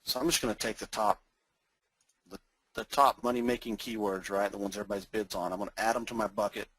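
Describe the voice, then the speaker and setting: Folksy North Texas man demoing software. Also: lowish voice, steady tone, fast talker, slightly rough, no room sound, rough recording. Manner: folksy, rambling, chuckles often. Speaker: webinar presenter. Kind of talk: casual screen-share software demo.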